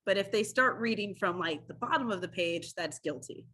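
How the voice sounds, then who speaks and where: A woman guest on a podcast interview, a former public defender, telling stories in a lively, animated way and acting out quoted lines. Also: mid-range voice, normal speed, slightly rough. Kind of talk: casual interview storytelling.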